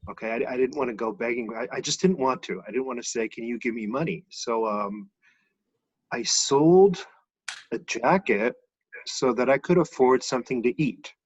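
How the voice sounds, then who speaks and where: A man telling a personal story in a relaxed, chuckling way, heard over a muffled video call. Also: mid-range voice, normal speed, husky. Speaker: guest author. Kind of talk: casual storytelling.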